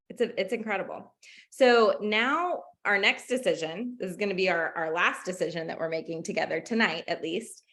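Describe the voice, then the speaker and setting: A woman's voice: medium pitch, fairly bright tone. Young woman coach hosting a call, upbeat and encouraging, talks kinda casual. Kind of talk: motivational group call hosting.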